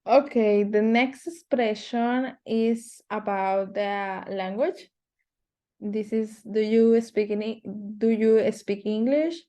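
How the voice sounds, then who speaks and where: Woman, slow halting language teacher, frequent fillers. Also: medium pitch, fairly even intonation, warm tone. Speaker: Spanish teacher. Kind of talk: online language lesson.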